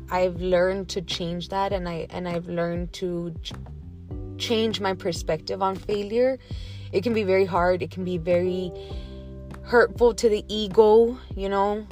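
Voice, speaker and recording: Her voice sits low and a bit mellow as this Texas woman hosts her own podcast alone. She speaks frankly, slightly shaken and emotional, and she uses plenty of casual fillers throughout the informal monologue.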